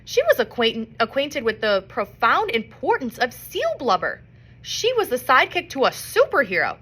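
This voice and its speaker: A woman reading a children's novel aloud in an expressive storybook manner. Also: on the high side, normal speed, slightly rough. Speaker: reader.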